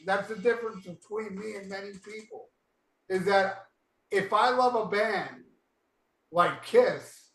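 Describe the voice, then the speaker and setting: A man's voice: sits high, unhurried, fairly bright tone, roomy sound, rough recording. A man co-hosting a podcast, rambling in an easygoing way and turning emphatic when making a point. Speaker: podcast co-host, YouTuber. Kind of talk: casual podcast chat.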